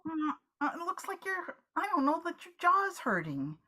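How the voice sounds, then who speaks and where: A woman's voice: very high voice, huge pitch swings, moderate pace, pushed and bright, heavily acted. A woman in a live improv scene, playing a talkative, fussing friend who is spooked by silence, repeating words as she frets. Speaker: improv performer.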